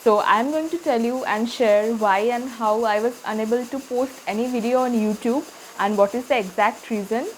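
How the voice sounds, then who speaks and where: A woman's voice: a little high, moderate pace, hardly any pauses, a little hiss or hum. A woman food vlogger with an Indian English accent, narrating in a chatty, friendly way with frequent fillers. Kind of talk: casual vlog narration.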